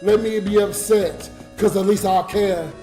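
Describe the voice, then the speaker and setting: A man's voice: sits high, steady tone, measured pace, dark tone. A drunk man rambling emotionally to his viewers during a late-night livestream, reading donations between rants. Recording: roomy with music behind. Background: music.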